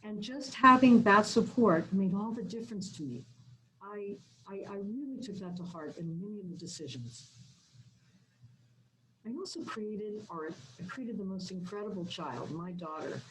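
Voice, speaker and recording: A middle-aged woman, a business owner, telling her life story in a chatty way, often restarting, with loudness rising and falling. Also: medium pitch, normal speed, slight background noise, poor audio.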